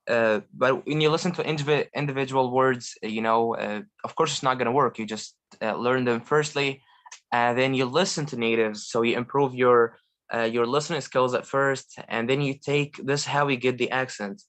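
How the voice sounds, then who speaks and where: A man's voice: medium pitch, moderate pace. Eager Egyptian man on a call. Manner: eager, animated, many fillers and restarts. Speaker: guest, language learner. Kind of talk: casual video call chat.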